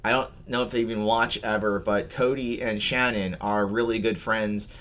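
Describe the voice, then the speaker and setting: A man's voice: fairly low pitch, fairly even intonation, moderate pace, a bit bright, slight background noise. A man co-hosting a tabletop gaming chat show, talking casually and rambling with repeated words.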